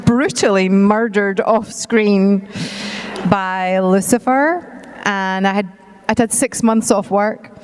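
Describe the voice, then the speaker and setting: Her medium-pitched voice trails a long reverb with a little hiss or hum, as this middle-aged woman from Scotland, Scottish accent and all, sits as a guest on a convention panel on the hall's stage. She chats easily, laughs a lot, and pokes fun at herself.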